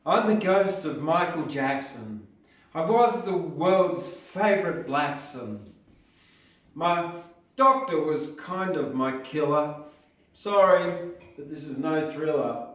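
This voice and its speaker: A man's voice: fairly high pitch, lively intonation, slow, fairly bright tone. A man impersonating the ghost of a famous pop star, reciting rhymed verse in a lilting, sing-song way. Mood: plaintive. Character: a famous pop star's ghost, soft high male pop star. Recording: roomy hall from a distance.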